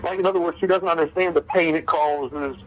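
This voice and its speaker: A man being interviewed, recounting events hesitantly with many pauses and restarts. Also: on the high side, fairly even intonation, crowd noise. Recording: muffled clip with faint noise.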